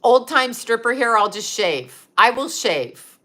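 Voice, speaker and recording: Bright-voiced woman in her fifties, stuffy-nosed. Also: on the high side, sing-song, a little slow. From Utah. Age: 50s. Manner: chatty, profane, laughs often, answers viewer chat. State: stuffy nose. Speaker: psychic medium host. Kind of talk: casual livestream chat.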